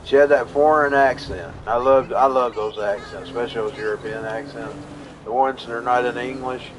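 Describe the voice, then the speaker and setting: A man of ordinary pitch tells a meandering story to his live stream audience. He speaks in a folksy, plainspoken way. His sentences wander and loop back on themselves. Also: fairly even intonation, normal speed, slight background noise, rough recording. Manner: rambling, folksy, repeats himself. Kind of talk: casual personal storytelling.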